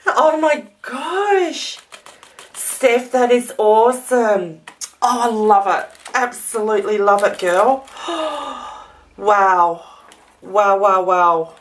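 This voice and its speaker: A woman from Australia opening a handmade craft gift in a casual vlog, gasping and gushing over every detail. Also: mid-range voice.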